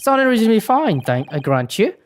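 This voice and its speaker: A woman voicing a gruff, busy English police inspector, a middle-aged man with a put-on English accent, speaking brusquely and impatiently in a game playthrough. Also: fairly high pitch, big pitch swings, a little fast, slight background noise.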